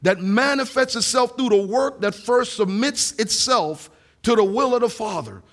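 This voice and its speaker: A man who is a pastor, preaching a sermon with earnest rhetorical questions and reading scripture aloud slowly for emphasis. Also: very high-pitched, fairly bright tone.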